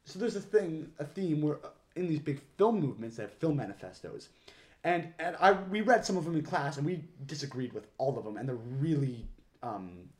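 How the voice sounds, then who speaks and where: A young man co-hosting a casual film podcast, excitable and quick to laugh, often restarting his sentences. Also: a little high. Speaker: podcast co-host. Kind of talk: casual chat.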